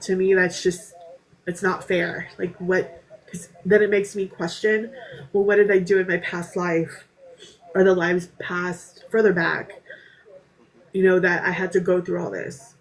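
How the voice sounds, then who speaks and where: Halting, flat-voiced woman sharing her story. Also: lowish voice, poor audio. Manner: halting, frequent fillers and restarts. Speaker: podcast panel guest. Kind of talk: candid personal storytelling.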